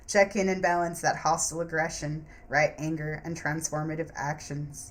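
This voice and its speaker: A woman's voice: low-pitched, flat delivery, moderate pace. A woman speaking in a reflective spoken-journal style, reciting affirmations and sometimes breaking into blunt, profane venting. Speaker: spiritual vlogger.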